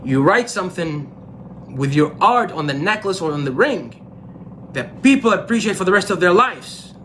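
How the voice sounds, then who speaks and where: A man's voice: sits high, big pitch swings, normal speed, a bit bright, slight background noise, voice pushed up. A man doing a troubled storybook king. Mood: earnest. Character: worried king, male, middle-aged, restless.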